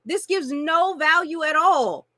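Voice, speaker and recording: A woman coaching on marketing in an animated, playful way, laughing often and addressing listeners as y'all. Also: high-pitched, unhurried, no echo. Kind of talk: teaching a marketing lesson with acted-out examples.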